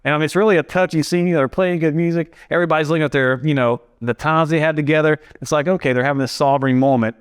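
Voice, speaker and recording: A man's voice: fairly high pitch, fairly even intonation, racing, few pauses, clear, resonant tone. Rambling male podcast co-host. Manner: rambling, full of "you know" and "you know what I'm saying". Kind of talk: casual film recap chat.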